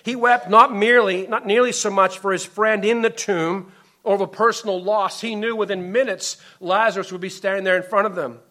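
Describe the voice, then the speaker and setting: A man preaching a sermon as a pastor, impassioned, swinging from loud emphasis to soft, hushed lines. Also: high-pitched, fairly even intonation, brisk.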